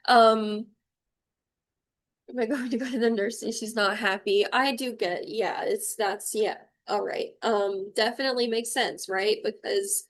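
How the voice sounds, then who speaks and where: A young adult woman giving a livestream spiritual tarot reading. She talks bluntly and emotionally and swears freely. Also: fairly high pitch. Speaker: intuitive tarot reader.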